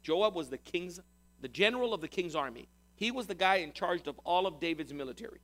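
High-voiced man preaching. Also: lively intonation, fairly quick, fairly bright tone. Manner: storytelling, emphatic. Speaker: pastor. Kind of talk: sermon.

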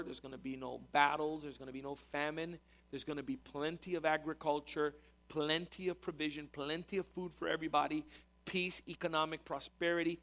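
A man's voice: on the high side, a bit bright. A man teaching a conversational sermon as a pastor, repeating words as he explains. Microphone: recorded talk to a congregation.

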